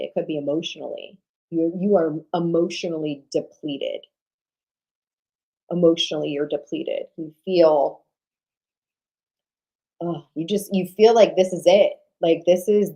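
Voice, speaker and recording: A woman hosting an online sales summit livestream, giving an emphatic motivational talk that repeats lines for emphasis and swings between loud punches and low, intimate drops. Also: low-quality recording. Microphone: livestream webcam mic.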